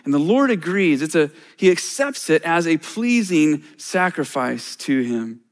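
A man's voice: on the high side, sing-song, unhurried. A middle-aged man, a church elder, preaching a sermon in a conversational way with self-deprecating humor.

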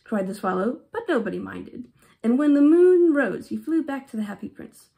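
A woman reads a fairy tale aloud for children in an affected English-style accent, with a slightly high, gravelly voice. She is expressive and stops for quick explanations to young listeners. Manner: expressive, with short explanatory asides. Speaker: storybook reader.

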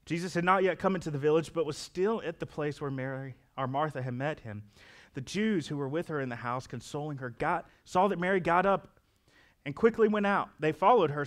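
Earnest male pastor preaching a sermon. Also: fairly high pitch. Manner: earnest, reads scripture then explains it conversationally.

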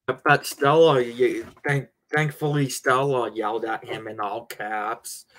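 A man's voice: mid-range voice, little pitch movement, slow, a bit bright. A man hosting a casual stream chat, replying tersely and agreeing a lot. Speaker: stream host.

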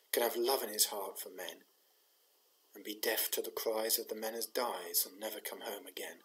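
A disillusioned young soldier pours out his grief in earnest verse, as a man reads him aloud. The voice sits low and is spoken as a poetry reading, not as a full character turn. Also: natural voice, low-quality recording. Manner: earnest, grieving recitation of verse.

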